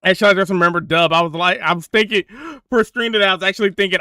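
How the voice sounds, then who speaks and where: A man's voice: high-pitched, fairly quick, sharp tone, clear, resonant tone, dry recording, clean studio sound. A young man chatting casually on a gaming stream into a desk mic, slangy and laughing often.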